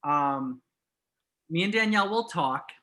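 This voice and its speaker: A man's voice: a little high, animated, measured pace, sharp tone. A man speaking as a guest coach on a video call, talking directly and asking plain questions. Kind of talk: coaching talk.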